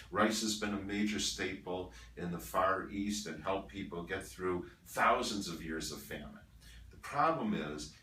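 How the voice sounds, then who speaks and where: An older man with a deep, low voice gives diet advice as a doctor, hammering each rule and ticking off foods one at a time. He sounds roomy and set back from the camera, as if recorded across an office. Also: a bit bright, a little hiss or hum. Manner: emphatic, lists items one by one. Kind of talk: talking to camera about diet. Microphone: handheld camera at a distance. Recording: roomy, from far off the mic.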